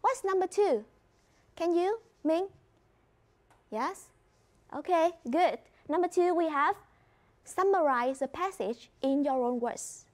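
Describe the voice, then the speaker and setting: High-voiced woman teaching a class. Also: expressive, slow pace, pauses often. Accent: Vietnamese. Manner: clear, instructive, mixes in explanations in her first language. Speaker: English teacher. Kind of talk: classroom lesson.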